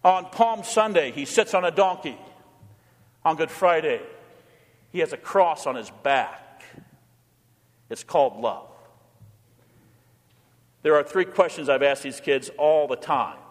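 A man's voice: a little high, lively intonation, slow pace, pauses often, long reverb tail. A male pastor preaching a sermon in a church, building his points through repeated rhetorical questions and leading the congregation in call-and-response.

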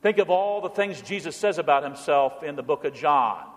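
A man preaching a sermon in a church, stressing quotations slowly and dropping to a low murmur between them. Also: fairly bright tone. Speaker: pastor. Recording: long hall reverb.

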